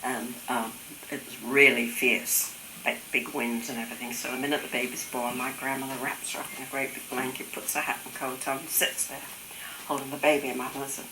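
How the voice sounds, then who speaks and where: A woman's voice: a bass voice, little pitch movement, a little fast, echoey room, background noise. An older woman telling family stories in casual conversation, amused and laughing often, sometimes mimicking her relatives' voices. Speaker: interviewee recalling family stories.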